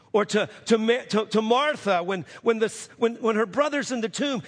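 A middle-aged man preaching a sermon as pastor, earnest and halting, often restarting and slowing down to stress his words. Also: high-pitched, long reverb tail. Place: church sanctuary.

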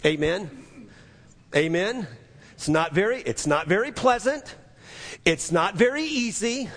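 A man's voice: high-pitched, animated, unhurried, fairly bright tone, long reverb tail. A man preaching a sermon as pastor, earnest and repetitive, often restarting his phrases.

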